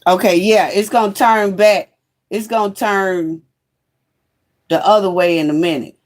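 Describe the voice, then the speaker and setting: Woman host, slow and easygoing, greets her viewers by name. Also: mid-range voice, fairly even intonation, darkish tone. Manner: chatty, greets viewers by name, fiddles with phone setup. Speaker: livestream host. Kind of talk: casual livestream chat. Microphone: phone.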